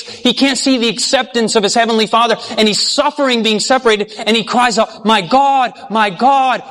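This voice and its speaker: High-voiced male preacher in a reverberant hall. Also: a bit bright. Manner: asks the listeners questions and has them finish verses; drops low and slow when reading scripture aloud. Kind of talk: sermon.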